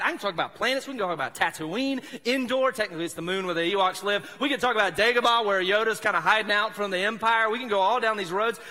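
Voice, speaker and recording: This high, bright, forceful voice belongs to a Southern-accented man from South Mississippi, a pastor preaching a relaxed, humorous sermon. He's chatty and self-deprecating, cracking jokes as he goes. It's captured in a church sanctuary with long, hall-like reverb.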